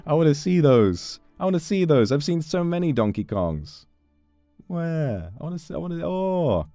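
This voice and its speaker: A man streaming and chatting casually with his viewers as he reads out donations. He is playful, animated and swears freely, speaking close to the microphone. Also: a little high, normal speed, dry recording, soft background music.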